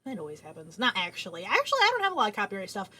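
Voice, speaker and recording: A woman streaming a casual late-night chat from her home setup into a boom arm mic, rambling and swearing casually. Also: huge pitch swings, very fast, sharp tone, slightly rough. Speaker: livestreamer.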